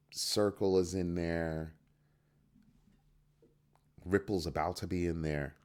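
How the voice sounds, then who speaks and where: Speaking in a low, darkish voice, a man hosts a crypto news show from his home studio at a computer. His solo commentary is casual, full of rhetorical questions and restarted phrases.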